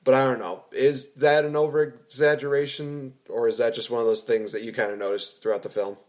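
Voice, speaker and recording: A man's voice: medium pitch, fairly even intonation, fairly quick, a little mellow. A man hosting a podcast, chatting about a movie in an easygoing way with frequent restarts. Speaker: podcast host. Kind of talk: casual movie review chat.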